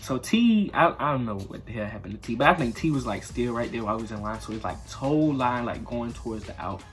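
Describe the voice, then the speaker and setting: A man's voice: mid-range voice, animated, quick pace, fairly bright tone, soft background music. A young man telling a casual storytime, rambling and slangy with lots of fillers. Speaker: vlogger.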